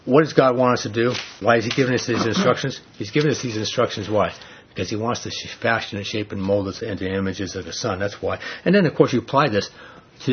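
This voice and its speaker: A man's voice: fairly low pitch, highs cut off, slight background noise. A man preaching a sermon, telling a personal story earnestly with frequent restarts.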